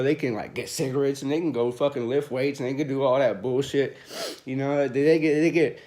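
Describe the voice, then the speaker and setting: A man venting in a rambling, profane monologue to camera from a small room, swinging between loud rants and low mumbling.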